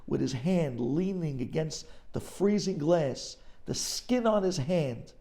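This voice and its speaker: Gravelly rabbi telling a dramatic story. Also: male voice, fairly high pitch, animated, takes it slowly, few pauses, dark tone. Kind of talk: inspirational storytelling sermon.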